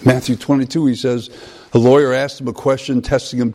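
A man preaching a conversational sermon, often pausing and restarting phrases. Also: mid-range voice, level tone, a little mellow.

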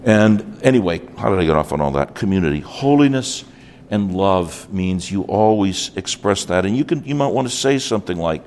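An older man from New York preaching at a conference, animated, acting out little dialogues and dropping in asides. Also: low voice, moderate pace, slight background noise. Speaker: conference speaker. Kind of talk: conference sermon.

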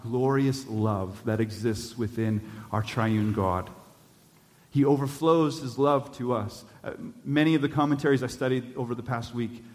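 A man's voice: mid-range voice, long reverb tail. A male pastor preaching a sermon in a church, earnest and building to urgent appeals.

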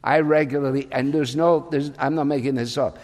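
A man's voice: mid-range voice, steady tone, a little fast, darkish tone. An older man preaching a sermon as pastor, raised in England, in a conversational, storytelling way. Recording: long reverb of a large hall.

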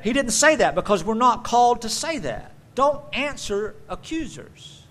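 A man preaching a sermon as pastor, swinging from loud emphatic bursts to quiet conversational asides. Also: very high-pitched, very animated, normal speed, few pauses.

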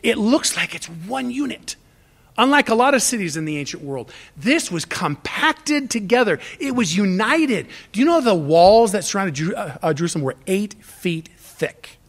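A man preaching a sermon as pastor, emphatic and repetitive, swinging from loud exhortation to hushed asides. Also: high voice, very animated, moderate pace.

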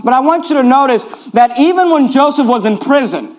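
A man's voice: very high voice, animated, a little fast, few pauses. A man preaching a sermon in an earnest, emphatic way, urging listeners again and again to notice each point.

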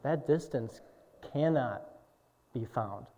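A young adult man preaching a sermon as pastor, swinging from hushed, quiet passages to booming exclamations. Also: expressive, slow, slight background noise. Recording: dull echoey hall sound.

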